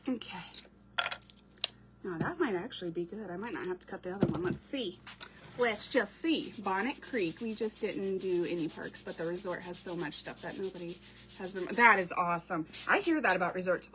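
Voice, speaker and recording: A woman's voice: on the low side, fairly quick, fairly bright tone. A woman chatting casually while she crafts, answering viewers as she works. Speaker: craft creator. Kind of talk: casual crafting livestream chat.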